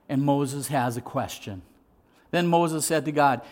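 A middle-aged man preaching a sermon as pastor, swinging from loud, lively storytelling to hushed, slow emphasis. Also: mid-range voice.

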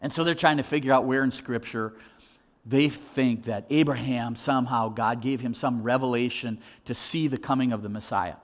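A male pastor preaching a sermon in an animated way, acting out voices and repeating words as he restarts. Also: medium pitch, moderate pace.

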